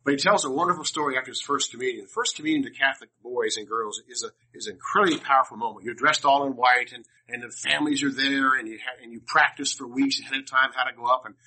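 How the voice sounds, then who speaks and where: This older man from Washington, D.C. rambles through humorous personal stories for a class, frequently breaking off and starting sentences over. He speaks fast with few pauses in a bright, forceful, mid-range voice with a breathy edge, captured on a low-quality recording.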